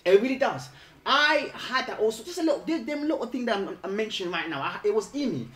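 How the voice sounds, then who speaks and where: A man's voice: high-pitched, very animated, fast, a bit bright. Rambling man in an echoey room. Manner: rambling, restarts often, laughs a lot. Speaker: host. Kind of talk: casual group chat.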